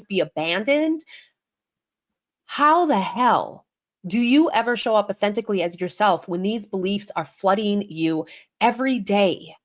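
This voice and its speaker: A woman guest on an interview podcast, telling her story in a casual, animated way and acting out the voices she quotes. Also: medium pitch. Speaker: guest, intuitive healer and medium.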